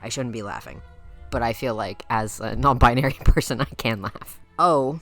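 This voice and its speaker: A woman's voice: very deep voice, moderate pace, fairly bright tone, faint music behind. A young woman with a Midwestern accent doing playful, teasing roast commentary as a YouTuber, laughing often. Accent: Midwestern American.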